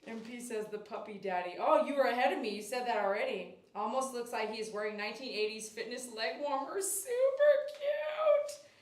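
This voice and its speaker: A woman's voice: a little high, fast talker, few pauses. A woman dog groomer hosting a casual livestream, cooing baby talk to a dog and reading viewer comments aloud. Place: grooming shop. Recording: echoey room, mic at a distance.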